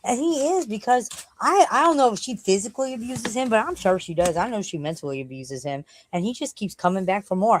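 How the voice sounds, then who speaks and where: A woman's voice: medium pitch, animated, fairly quick, noisy background. Rambling, profane woman streamer. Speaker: live streamer. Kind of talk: casual live-stream chat. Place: home.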